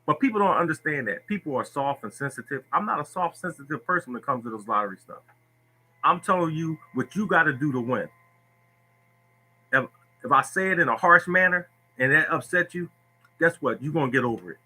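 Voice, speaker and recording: A man hosting a lottery livestream talks bluntly to his viewers and hammers every point home by repeating it. His voice is very bright and sharp, with a husky, raspy edge. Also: a little high, animated, a little fast, poor audio. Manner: blunt, preachy, repeats himself. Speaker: lottery tips host. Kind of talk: livestream talk answering viewers.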